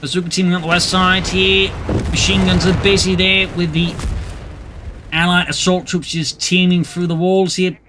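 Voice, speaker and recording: A man casts a war strategy game with brisk, excitable play-by-play and a wry streak. His voice sits notably high for a man. Loud game gunfire and artillery rumble beneath his commentary. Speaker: game caster. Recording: commentary over loud game battle sound.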